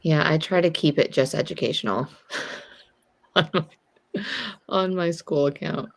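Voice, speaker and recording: Teasing woman with a gravelly voice. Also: sits low, a little slow. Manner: teasing, bossy, talks over. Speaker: friend calling in to the stream. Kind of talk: casual teasing chat.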